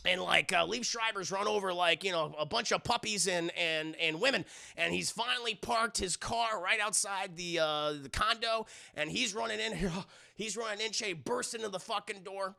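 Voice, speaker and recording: A young man recapping a movie scene by scene to his live chat, excitable and profane, full of fillers. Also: sits high, normal speed, vocal fry, few pauses. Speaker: livestreaming film reviewer.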